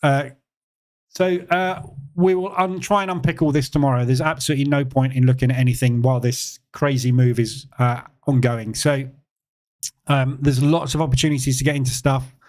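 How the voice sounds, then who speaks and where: A man hosting a live trading session, explaining in a relaxed, conversational way with fillers and emphatic repeats. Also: medium pitch, moderate pace. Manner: relaxed, conversational, answers chat questions; emphatic repetition with frequent fillers. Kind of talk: live-stream market commentary.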